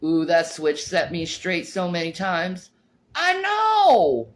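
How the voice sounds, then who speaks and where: A woman's voice: lowish voice, little pitch movement, a little slow. A middle-aged woman ranting on a livestream, swearing and confrontational, often repeating words and restarting her sentences. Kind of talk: livestream rant.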